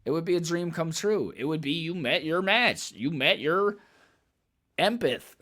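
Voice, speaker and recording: A man's voice: fairly high pitch, lively intonation, measured pace, sharp tone. Candid, rambling man reacting to clips. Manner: candid, rambling, profane, laughs often. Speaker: reaction video host. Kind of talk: casual reaction commentary.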